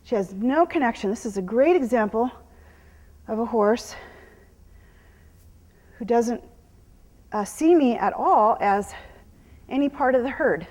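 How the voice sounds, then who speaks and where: A woman's voice: a little high, lively intonation, a little slow, long pauses, a little mellow, long reverb tail. A woman horse trainer giving a live demonstration in an arena. She explains each step to the onlookers and keeps cooing praise at the horse. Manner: explains her steps to an audience between cooing praise to a horse.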